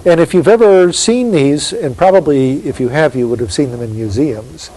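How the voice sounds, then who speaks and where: A man giving a university literature lecture, reading poetry aloud slowly and emphatically and posing rhetorical questions. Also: fairly high pitch, mellow, rough recording.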